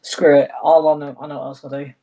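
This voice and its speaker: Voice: medium pitch, little pitch movement, quick pace, mellow, poor audio. Player, casual tabletop chat, apologetic, stumbles over words. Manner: hesitant, self-correcting, apologetic.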